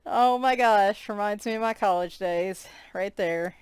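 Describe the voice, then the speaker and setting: A woman's voice: medium pitch, measured pace, darkish tone, clean tone, no room sound. A woman chatting casually as she flips through a coloring book, amused and giggling as she comments on each picture.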